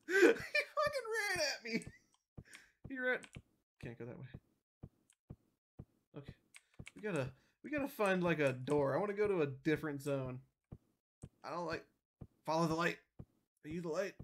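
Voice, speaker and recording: A woman's voice: low-pitched, normal speed, long pauses, a little hiss or hum. A woman streaming a game, jumpy and nervous, talking to herself and her chat and swearing often. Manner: nervous, wavering loudness. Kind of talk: live gameplay commentary.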